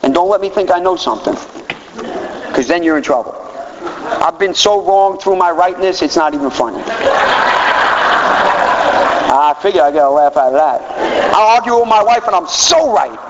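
A man's voice: high-pitched, expressive, moderate pace, long pauses, in a large hall, lo-fi sound, background noise. A man in his fifties telling self-mocking, candid stories to an audience as he shares his recovery. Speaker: speaker sharing a recovery story. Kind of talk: comic storytelling talk to an audience.

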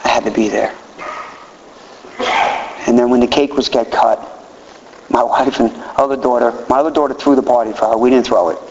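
A man's voice: medium pitch, brisk, long pauses, slight background noise. A man in his fifties speaking candidly and earnestly at a recovery meeting, sometimes acting out quotes in a raised voice. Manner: animated, acts out quotes in a raised voice. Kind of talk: recovery share talk. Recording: roomy hall, dull lo-fi audio.

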